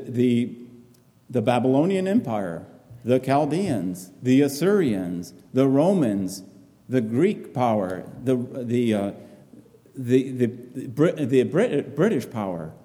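Male preacher, very dark mellow tone, echoing hall, earnest halting delivery. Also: medium pitch, big pitch swings. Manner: repetitive, halting, earnest phrasing. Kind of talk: sermon, reading and expounding scripture.

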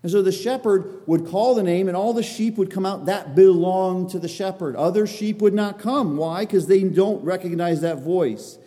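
A man's voice: high-pitched, moderate pace, hardly any pauses, dark tone. A man preaching an expository sermon, earnest and emphatic, driving points home by repeating them. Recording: long reverb of a large hall.

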